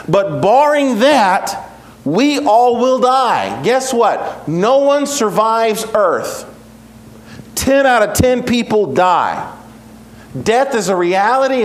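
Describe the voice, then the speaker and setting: A man's voice: fairly high pitch, echoey room, slight background noise. A pastor in his forties preaching a sermon, earnest and emphatic, repeating key phrases for weight.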